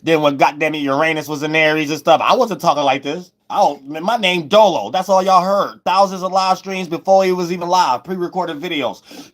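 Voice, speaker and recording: A man giving a loose, rambling spiritual astrology monologue, repeating himself and breaking into sudden loud, high shouts. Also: fairly even intonation, fairly quick. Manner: loose, preachy, repeats "you know what I'm saying", bursts into loud high shouts.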